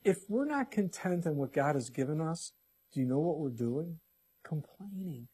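A male pastor preaching a sermon, reading scripture and swinging between loud emphatic lines and hushed ones. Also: on the high side, sing-song, moderate pace, breathy edge.

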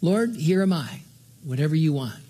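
A man's voice: a little high, expressive, normal speed, dark tone, slightly rough. An older man from Southern California preaching a sermon as pastor, in an earnest, conversational way that often stops and restarts mid-sentence.

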